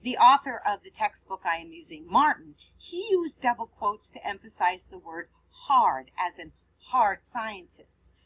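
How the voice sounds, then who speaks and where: A woman's voice: mid-range voice, animated, measured pace, hardly any pauses, pushed and bright, breathy edge, poor audio. A woman teaching writing, patiently explaining punctuation step by step as she edits on screen. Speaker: writing instructor. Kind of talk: screen-recorded writing lesson.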